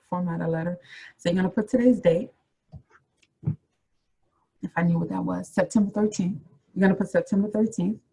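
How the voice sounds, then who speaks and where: A woman's voice: on the low side, a little mellow, husky, rough recording. A woman career coach giving a motivational webinar talk, encouraging and addressing her listeners directly with repeated phrases.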